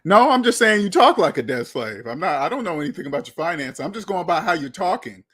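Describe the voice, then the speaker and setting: A man's voice: fairly high pitch, very animated, fast, a bit bright, husky. A man giving blunt, lecturing commentary on money and debt, often repeating himself. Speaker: finance commentator. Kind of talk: opinionated video commentary.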